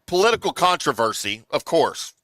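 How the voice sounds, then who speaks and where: Man, sports show co-host, bright voice, dry close sound, long animated explanations. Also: fairly high pitch, moderate pace, no room sound. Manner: explains at length, animated storyteller. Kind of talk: casual sports talk show chat.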